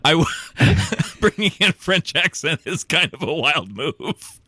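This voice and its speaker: A co-host on a comedy podcast, reacting quickly and laughing often. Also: medium pitch, sing-song, pushed and bright, breathy edge, dry recording, clean studio sound. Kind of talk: comic podcast chat.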